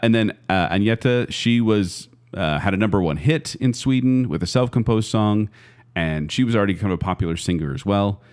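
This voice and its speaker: A man's voice: lowish voice, animated, a little fast, a little mellow, smooth. A man hosting a casual podcast, telling a music history with lots of fillers and restarts. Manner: chatty, many fillers, trails off and restarts.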